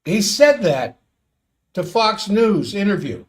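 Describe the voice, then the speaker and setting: A man's voice: high voice, sing-song, slow. A man hosting a solo world-affairs commentary stream, sardonic and exasperated as he reads out quotes and reacts.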